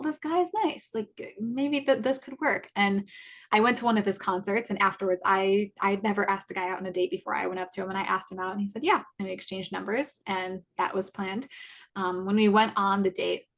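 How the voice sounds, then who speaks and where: A woman in her twenties, a podcast co-host, telling a personal story in a casual, halting way, full of fillers and self-corrections. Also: mid-range voice, little pitch movement, gravelly. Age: 20s.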